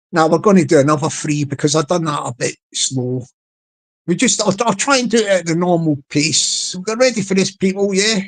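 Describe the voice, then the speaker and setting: A man's voice: sits high, rough recording. A man on a casual live stream, playfully repeating a catchphrase and coaxing his chat to join in. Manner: repetitive, playful, drawn-out delivery.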